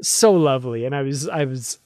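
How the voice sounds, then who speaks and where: A man co-hosting a podcast, recalling a fan memory in casual chat, warm and admiring with restarts. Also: medium pitch, lively intonation, fairly quick, no room sound. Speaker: podcast co-host.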